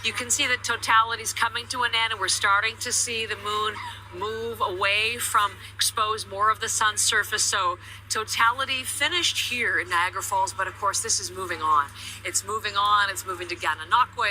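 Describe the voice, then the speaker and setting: A woman's voice: mid-range voice, bright, forceful tone, low-quality recording. A woman anchoring live broadcast coverage, talking in an emotional, conversational way. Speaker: news anchor.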